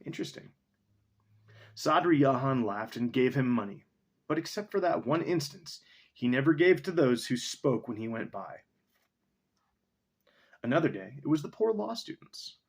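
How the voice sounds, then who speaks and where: A young man with a husky voice and very lively, up-and-down pitch, reading a story aloud in a loose, casual way. He breaks off often for asides and to look up words. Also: normal speed, pauses often. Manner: rambling, stops for asides and dictionary look-ups.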